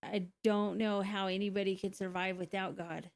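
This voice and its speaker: A woman's voice: medium pitch, flat delivery, moderate pace, vocal fry. A woman, a single mother, telling her own story in a candid, conversational way, with frequent laughs and fillers. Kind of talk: casual personal testimony.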